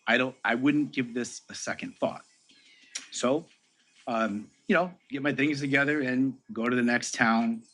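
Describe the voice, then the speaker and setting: A man's voice: medium pitch, measured pace, a bit bright, soft background music. A man casually telling a personal anecdote in an easygoing way, slipping into the voices of the people he quotes. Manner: easygoing storyteller who acts out dialogue. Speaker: interview guest recounting a story.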